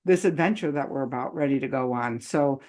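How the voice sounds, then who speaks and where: A woman's voice: extremely low pitch, brisk, darkish tone. A woman hosting a casual live online chat, talking loosely with many fillers and frequent laughs. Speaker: host.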